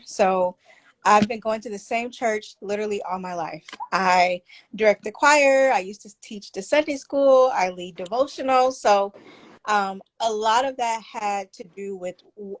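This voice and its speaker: A woman author and therapist being interviewed over a video call, speaking softly and hesitantly with many pauses. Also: medium pitch. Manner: soft-spoken, hesitant, many fillers. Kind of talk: casual interview.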